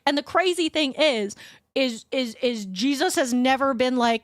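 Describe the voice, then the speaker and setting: A woman's voice: high voice, unhurried, dry recording, studio quality. A young woman streamer in casual chat, rambling, swearing and restarting her sentences.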